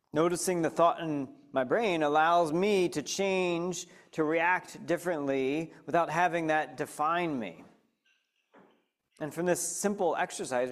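A man with a slightly high voice gives a lively, conversational talk to a live audience. He often turns to his listeners with questions and guides them through a simple practice as he speaks. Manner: animated, addresses listeners directly with questions. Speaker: speaker leading a mindfulness talk.

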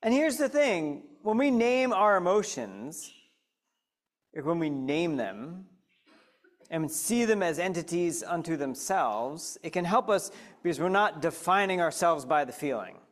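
Speaking in a somewhat high voice at a measured pace, a man guides a live audience through a mindfulness talk. He keeps it lively and conversational, addressing listeners directly with many questions.

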